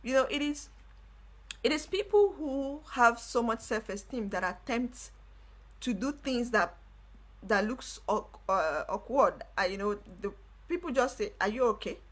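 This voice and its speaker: Animated, chatty woman on a live stream. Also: fairly high pitch, a little slow. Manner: animated storytelling, laughs often, repeats phrases. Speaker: livestream host. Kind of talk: casual personal talk to viewers.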